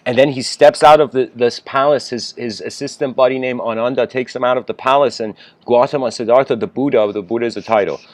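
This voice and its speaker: A man giving a casual, rambling spiritual lecture, clearing his throat often and laughing between thoughts. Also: mid-range voice, steady tone, fairly quick, hardly any pauses, darkish tone, no echo.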